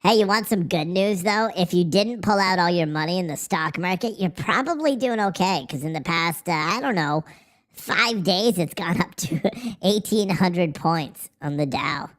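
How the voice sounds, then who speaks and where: A man's voice: sits high, animated, moderate pace, fairly bright tone. A man hosting a livestream, ranting in a profane, sarcastic and rambling way through a voice changer. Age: adult, married. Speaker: livestream host. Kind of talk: casual livestream chat.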